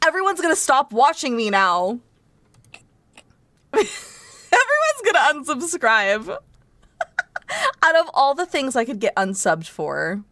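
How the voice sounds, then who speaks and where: A woman's voice: high voice, sing-song, takes it slowly, pauses often, fairly bright tone, dry recording. A woman streaming a video game, chatting playfully with viewers and giggling often. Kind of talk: casual gameplay commentary.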